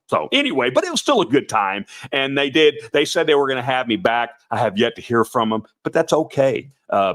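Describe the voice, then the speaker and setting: An older man with a raspy voice, talking casually as a Santa performer hosting a livestream, rambling with many restarts and asides to viewers. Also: medium pitch, a bit bright.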